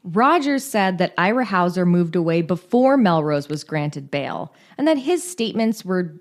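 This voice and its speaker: A woman with a fairly low, expressive voice speaks at normal speed as a podcast co-host. She reads out case notes in a laid-back true-crime storytelling style, tossing in irreverent jokes and profanity.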